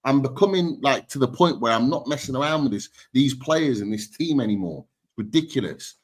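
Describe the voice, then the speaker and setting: A man's voice: mid-range voice, lively intonation, a little fast, a little hiss or hum. A man on a fan panel, ranting bluntly and heatedly about his team's players. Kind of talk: heated football fan chat.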